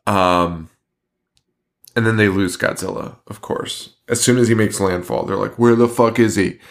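A man's voice: fairly low pitch, fairly bright tone. A man co-hosting a horror podcast in casual chat, ranting with lots of swearing and laughter. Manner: profane, ranting, laughing often. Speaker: podcast co-host.

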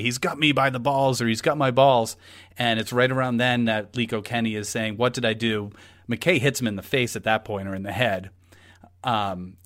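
A man co-hosting a casual true-crime discussion, talking in an animated, rambling way with frequent swearing. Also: lowish voice. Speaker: podcast co-host.

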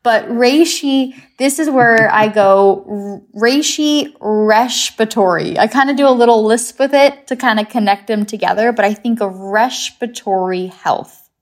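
A woman's voice: on the high side, moderate pace. Upbeat English-born woman explaining. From England. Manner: upbeat, explanatory, uses memory tricks. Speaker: guest expert. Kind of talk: casual chat.

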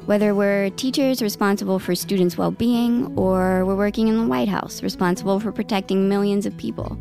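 Creaky-voiced woman hosting a story show. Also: mid-range voice, darkish tone. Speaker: podcast host. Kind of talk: scripted show introduction.

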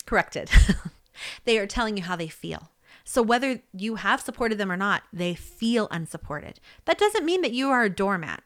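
A woman with a mid-range, slightly bright voice offers spoken advice on dealing with upset colleagues, recorded in studio quality with no echo. She's conversational and easygoing, often checking in with "okay?" and "right?" and laughing lightly.

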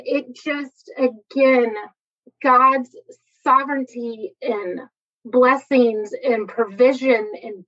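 A woman's voice: on the high side, fairly bright tone. Give me an earnest woman giving a personal faith testimony on a dull lo-fi recording. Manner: earnest, heartfelt, addresses listeners as y'all. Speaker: testimony speaker.

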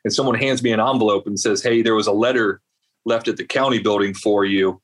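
A man's voice: lowish voice, a little fast. A man from South Carolina, a guest in an interview, telling a long story with lots of fillers and asides. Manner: rambling, animated storyteller with many fillers. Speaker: veterans advocate guest.

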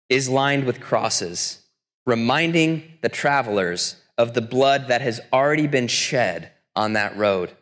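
A man preaching a sermon as pastor, telling a story earnestly and slowing down for quotations. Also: mid-range voice, a bit bright. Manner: earnest storytelling, slows for quotes. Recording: long church reverb.

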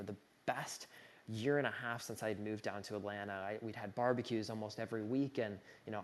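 A young man telling a personal story in an earnest, conversational way, full of casual fillers and speaking of his own grief with feeling. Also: on the low side.

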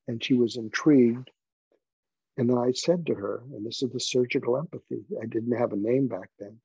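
A male podcast guest with a gravelly, husky voice tells earnest anecdotes. The sound is close and dry, with a slightly dull, lo-fi tone. His delivery is conversational and story-driven. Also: medium pitch, fairly even intonation, normal speed, a little mellow, dry recording. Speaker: guest, doctor.

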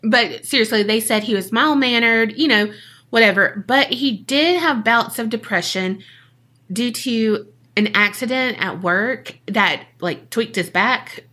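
A woman's voice: a little high, a little slow, pushed and bright. A woman co-hosting a podcast, telling a true-crime case in a casual, jokey way and acting out the people she quotes.

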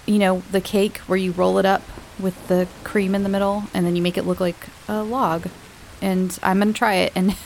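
A woman hosting her own podcast, chatting casually and warmly to her listeners with fillers and little laughs. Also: fairly low pitch, a little hiss or hum, rough recording. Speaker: podcast host. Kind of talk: casual chat.

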